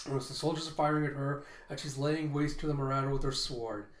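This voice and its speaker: Man reading a comic aloud, casual panel descriptions, middling pitch, roomy echo. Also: fairly even intonation, quick pace. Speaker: comic readthrough host.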